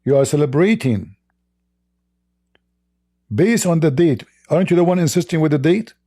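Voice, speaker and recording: A man's voice: on the high side, lively intonation, normal speed, warm tone. A man with an Arabic accent hosting live-stream debate commentary, emphatic and full of rhetorical questions to his audience. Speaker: Christian apologist host.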